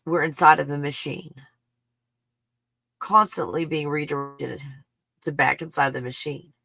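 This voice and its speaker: Excitable livestream host, bright voice. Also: medium pitch, unhurried, vocal fry, no echo. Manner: thinks aloud, bursts into exclamations; swears under breath. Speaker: live stream host.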